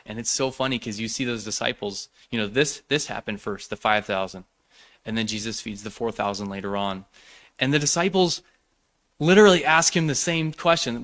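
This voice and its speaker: Man preaching with conversational storytelling. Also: mid-range voice. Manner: conversational, frequent fillers and restarts, animated when quoting others. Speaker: preacher sharing a ministry story. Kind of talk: sermon with personal storytelling.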